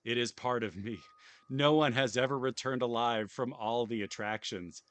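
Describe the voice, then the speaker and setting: A man's voice: mid-range voice, moderate pace, a bit bright, no room sound, natural voice. A man putting on a boastful, theatrical voice to read out a gloating rich male horror park owner from a game. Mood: grandiose. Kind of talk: dramatic reading of game text.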